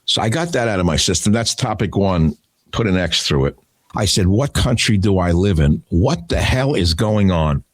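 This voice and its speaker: Older guy doing talk radio, lowish voice, ranting and sneering, real dry close sound. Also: expressive, normal speed, no room sound. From United States. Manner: combative, ranting, scornful. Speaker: radio talk show host. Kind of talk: solo talk radio monologue.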